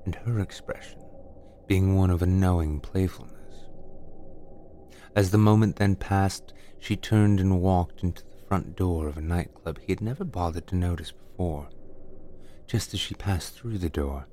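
Brief: low-voiced male storyteller, slow and deliberate, for a spooky podcast reading. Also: dark tone, slight background noise. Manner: measured, deliberate, dramatic. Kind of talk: scripted horror story narration.

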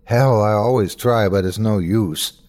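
A man's voice: on the low side, a little slow, a little mellow, natural voice. A man voicing a deranged older man in a horror story, who pleads and then snaps at a killer creature. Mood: justifying.

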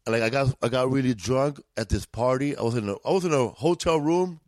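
Slangy, profane LA comedian. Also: male voice, mid-range voice, brisk, darkish tone, no room sound. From East Los Angeles. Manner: profane, laid-back, drawling street slang. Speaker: guest comedian. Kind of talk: casual storytelling.

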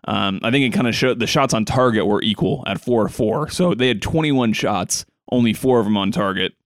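A man's voice: medium pitch, moderate pace, dry recording, studio quality. A male podcast host talking casually about a soccer match, with frequent fillers and restarts, and reading quotes from a sheet.

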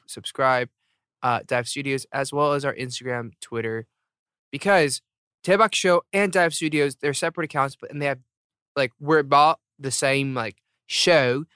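A man's voice: medium pitch, fairly bright tone, clean tone, no echo, clean studio sound. A man in his thirties hosting a podcast, rambling and joking about himself while jet-lagged and tired. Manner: rambling, self-mocking, jokey. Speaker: podcast host. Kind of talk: casual chat, show outro.

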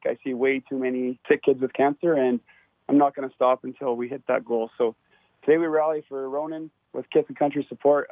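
A determined paramedic man calls in over a tinny, narrow phone line. His voice holds a flat, even pitch while he speaks quickly, and the sound is dry and close. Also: no room sound. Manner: steady, determined, with frequent uh fillers. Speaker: paramedic and fundraiser calling in. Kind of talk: earnest phone-in appeal.

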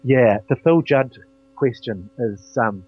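A man's voice: medium pitch, slow pace, husky. A man, a guest answering hesitantly with many fillers. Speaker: interview guest. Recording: dull lo-fi line with mains hum.

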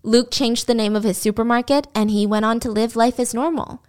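Woman host, casual storytelling, indignant, animated, slightly high voice. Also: fairly quick, clear, resonant tone. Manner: animated, indignant, acts out quotes. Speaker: podcast host.

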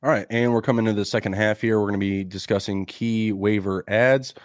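A man co-hosting a casual sports podcast, raspy and under the weather, rambling loosely with fillers. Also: fairly low pitch, steady tone, a little fast, no room sound, studio quality. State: sick, raspy from a cough. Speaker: podcast co-host.

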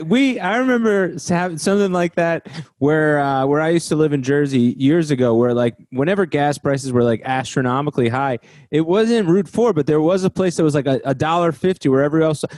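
A man's voice: on the high side, normal speed, no echo, clean studio sound. A man in casual chat who laughs often and talks in a sheepish, giggly way.

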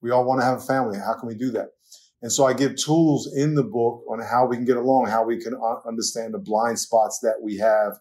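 An older man with a New York accent talks as a guest on a podcast, a pastor who tells stories with lots of life. He laughs easily and slips into little acted quotes. His pitch sits in an ordinary middle range for a man. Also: steady tone, a little fast, darkish tone. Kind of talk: conversational podcast interview.

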